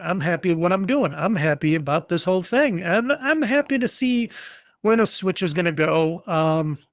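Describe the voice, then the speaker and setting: A man's voice: high voice, a bit bright, no room sound, studio quality. A middle-aged American man hosting a solo podcast, ranting bluntly and swearing freely. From United States. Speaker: podcast host.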